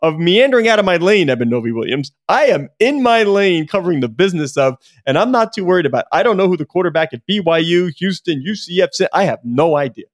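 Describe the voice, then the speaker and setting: A man's voice: high-pitched, big pitch swings, fast, few pauses, no echo, clean studio sound. A man co-hosting a podcast in a casual chat, self-deprecating and joking. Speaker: podcast co-host, business journalist.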